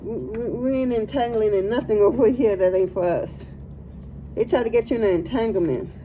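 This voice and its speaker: A woman's voice: on the high side, brisk, dark tone, muffled recording, slight background noise. Laughing, slangy woman tarot reader. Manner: laughs often, slangy and playful. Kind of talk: casual tarot reading.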